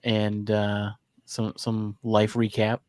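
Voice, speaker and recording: A young man with an American accent chatting casually as a podcast co-host, joking in a dry, deadpan way. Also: lowish voice, slow, dry recording. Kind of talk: casual chat.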